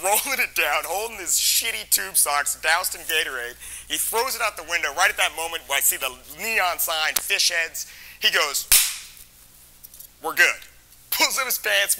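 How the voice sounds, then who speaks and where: A man tells a comic true story with loose, rambling energy, filling it with "like" and "you know." He laughs between phrases. His voice is very bright and forceful. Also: on the high side, slight background noise, poor audio. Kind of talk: comedic true-story telling.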